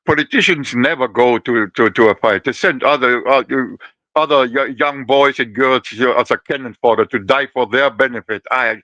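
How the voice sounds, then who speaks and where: A man whose first language is not English talks in halting English, often repeating words as he searches for them. His voice is bright and forceful, recorded dry and close. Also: medium pitch, no echo, highs cut off. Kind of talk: casual chat.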